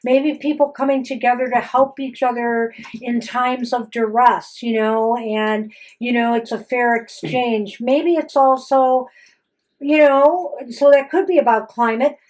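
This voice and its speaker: A woman's voice: a little high, fairly even intonation, unhurried, darkish tone, low-quality recording. A woman co-hosting a tarot reading show, musing aloud in a rambling way with many fillers. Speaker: co-host tarot reader. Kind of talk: casual tarot reading chat.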